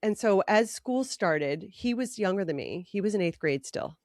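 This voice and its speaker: Animated middle-aged woman reading her old diary. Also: mid-range voice, normal speed, no room sound, studio quality. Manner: animated, laughing at her own teenage writing. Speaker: podcast co-host. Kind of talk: casual chat, reading old diary aloud.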